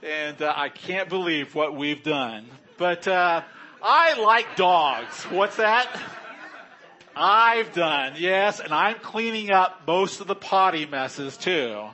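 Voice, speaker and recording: A man's voice: high voice, lively intonation, slow, pushed and bright. A middle-aged man preaching a sermon in a chatty, joking way, often chuckling. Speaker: pastor.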